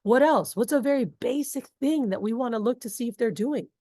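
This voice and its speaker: Woman, sales trainer, animated, talkative, dry close sound. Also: fairly high pitch, fairly quick, no echo. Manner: animated, talkative, casual asides. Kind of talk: energetic group training talk.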